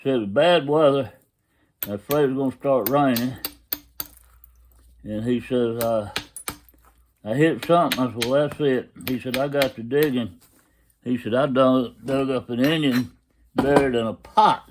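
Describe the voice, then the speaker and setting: A man's voice: mid-range voice, normal speed, long pauses, noisy background. A man telling a story in a folksy, casual way, constantly retelling what others said. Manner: folksy drawl, retelling quotes with "he said".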